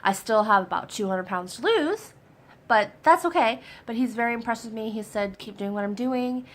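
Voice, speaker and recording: A young adult woman chatting excitedly in a personal vlog update, a little hoarse from a cold, with lots of fillers. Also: a little high, normal speed. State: getting over a cold. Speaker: vlogger.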